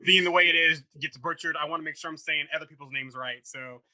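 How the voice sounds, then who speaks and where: A man's voice: on the high side, steady tone, fast talker, bright, forceful tone. A man hosting a podcast, running through news in casual chat and steering the topics carefully. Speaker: podcast host.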